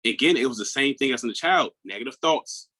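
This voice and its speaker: A man in his thirties from Maryland, a guest on an interview who speaks earnestly and reflectively, often dropping into a hushed tone. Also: medium pitch, expressive, fairly quick, breathy edge, low-quality recording. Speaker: guest, mental health coach. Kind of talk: personal storytelling in an interview.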